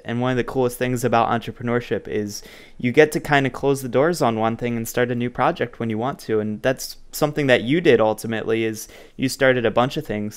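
A man's voice: medium pitch, clear, resonant tone. A man hosting a podcast, chatting casually with his guest and laughing along with him. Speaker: podcast host. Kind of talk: casual interview talk.

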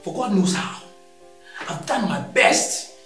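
A man's voice: high-pitched, expressive, slow pace, a bit bright, echoey room, faint music behind, exaggerated voice. A man playing a frustrated husband, bitter and defensive.

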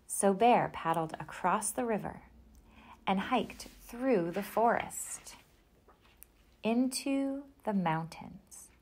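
A woman reading a children's picture book aloud in a gentle storytelling manner. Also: mid-range voice, animated, slow.

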